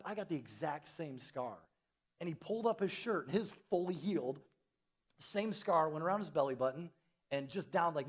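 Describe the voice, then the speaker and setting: A middle-aged man, a pastor, telling a story in a sermon and acting out the dialogue with big jumps in his voice. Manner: animated, acts out dialogue with big pitch jumps. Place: church.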